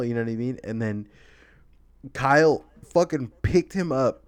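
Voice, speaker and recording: A man's voice: mid-range voice, normal speed, darkish tone, clear, resonant tone, no room sound. A young man hosts a podcast and tells loose, rambling stories in casual chat. He laughs often and swears freely. His voice is dry and close, with no room sound. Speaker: podcast host.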